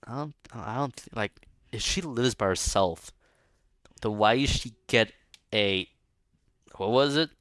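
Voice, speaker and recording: A man's voice: lowish voice, a little slow, long pauses, fairly bright tone, no room sound, clean studio sound. A young man reading a book aloud and breaking off for casual, rambling, mocking commentary. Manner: rambling, casual, lots of fillers. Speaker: book reader.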